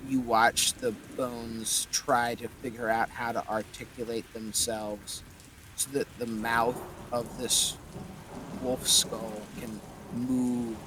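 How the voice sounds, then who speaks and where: A man narrating a tabletop role-playing game as game master, in slow, vivid, descriptive narration. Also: medium pitch, background noise.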